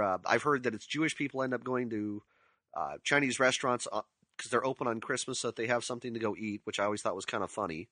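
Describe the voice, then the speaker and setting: Middle-aged male co-host, lively storyteller, bright voice, dry sound. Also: medium pitch, no room sound. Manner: animated storyteller, acts out quotes; laughs often. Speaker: podcast co-host discussing a film. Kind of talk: casual chat.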